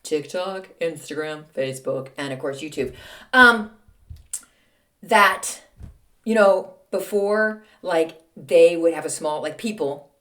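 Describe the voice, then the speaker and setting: A woman's voice: low-pitched, fairly bright tone. Chatty snarky woman podcaster. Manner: snarky, chatty, exasperated rants with quick asides. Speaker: podcast host. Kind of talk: casual solo podcast monologue.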